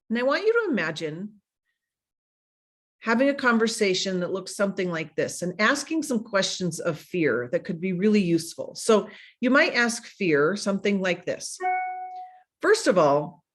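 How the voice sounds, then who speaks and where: A woman giving an energetic motivational talk as a speaker, animated and playful, coaching her listeners directly. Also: mid-range voice, unhurried.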